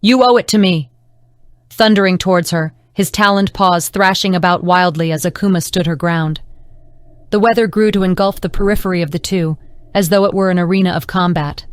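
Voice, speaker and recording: A woman narrating an audiobook in a measured, dramatic reading. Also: fairly low pitch, clean tone, no echo. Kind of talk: scripted narration.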